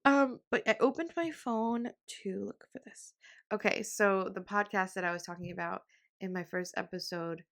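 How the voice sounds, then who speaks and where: A woman's voice: lowish voice, vocal fry, fairly bright tone. Young woman chatting solo on her podcast, bubbly and rambly, lots of likes and giggles. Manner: emotional, on the verge of tears. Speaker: podcast host. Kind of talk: casual solo chat.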